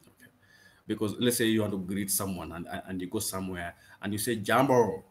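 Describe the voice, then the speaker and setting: A man's voice: low voice, steady tone, quick pace. A man teaching an informal language lesson, repeating each word several times, saying "okay" constantly and restarting his sentences often. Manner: drills words by repeating them, says "okay" constantly; frequent restarts and stammers. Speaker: Swahili teacher.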